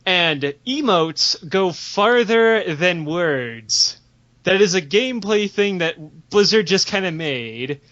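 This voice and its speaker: A man with a high, bright voice tells a crude story in a loose, excitable, laughing way. The sound is a bit dull and lo-fi. He talks as a podcast host. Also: slow pace. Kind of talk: casual comedic storytelling.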